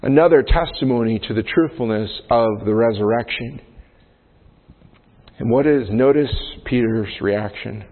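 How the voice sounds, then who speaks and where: A man's voice: medium pitch, measured pace. A male pastor preaching a sermon in a conversational way, often checking in with "right?" as he explains Scripture. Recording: phone-like sound in a long-reverb hall.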